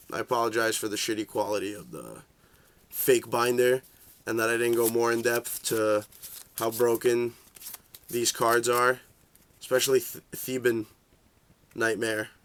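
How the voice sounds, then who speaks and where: A young man who vlogs about card games delivers a casual rant at medium pitch. He swears freely, pads his sentences with fillers, and wanders loosely from point to point without a script, jumping into high voices whenever he quotes someone's reaction.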